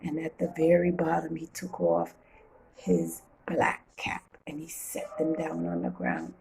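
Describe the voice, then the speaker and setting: A woman reading a children's storybook aloud with playful, expressive storytelling. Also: low-pitched, moderate pace, vocal fry, a little hiss or hum, low-quality recording.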